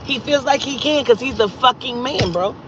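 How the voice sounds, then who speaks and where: A woman recounting a personal story in a loose, profane storytime style, her voice leaping high and loud when she gets exasperated. The audio is dull and lo-fi. Faint traffic hums in the background. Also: moderate pace. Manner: profane, animated retelling with loud exasperated outbursts. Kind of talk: casual storytime vlog.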